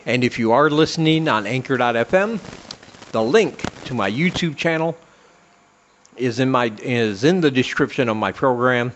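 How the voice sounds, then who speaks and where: A man's voice: mid-range voice, slight background noise. A man hosting a comedy podcast, talking in a sarcastic, rambling way with lots of fillers. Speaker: podcast host. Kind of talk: casual comedic rant.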